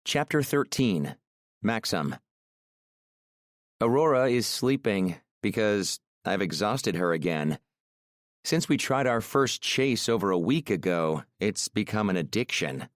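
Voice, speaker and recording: A man narrating a first-person romance audiobook in a calm, measured, brooding way on a close studio mic. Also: on the low side, dry recording.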